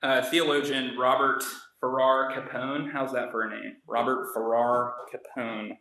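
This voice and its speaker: A man's voice: mid-range voice, flat delivery, a little slow, bright, forceful tone, reverberant, poor audio. A man preaching a sermon in an earnest, conversational way, acting out the voices of the story's characters. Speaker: pastor.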